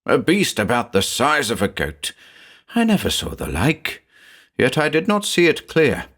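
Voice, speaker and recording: A man voicing a frightened young village man who speaks slowly in a trembling, fearful voice. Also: mid-range voice, huge pitch swings, fairly bright tone, pitched above the performer's own voice, exaggerated voice.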